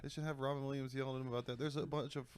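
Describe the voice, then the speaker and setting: A man co-hosting a comedy podcast, riffing and tossing in quick impressions in casual chat. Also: medium pitch, level tone. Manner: joking, riffs with quick impressions. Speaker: podcast co-host.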